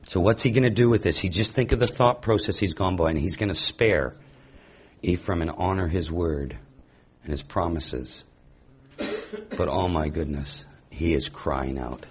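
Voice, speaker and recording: A man's voice: low-pitched, unhurried, husky. A man teaching a sermon, reading scripture aloud and reflecting on it with rhetorical questions. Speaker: Bible teacher.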